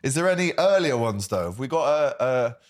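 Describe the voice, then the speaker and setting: A man with a Liverpool accent hosting a casual football chat show, reading out viewer comments and giving shout-outs. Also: medium pitch, expressive, brisk. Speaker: podcast host.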